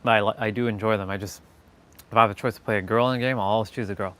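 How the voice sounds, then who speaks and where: A man hosting a rambling motivational live stream, dropping to low murmurs and then pushing words out slowly and loudly for emphasis. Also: fairly even intonation. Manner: swings from low murmurs to loud, slow, drawn-out emphasis; laughs often, casual and self-aware.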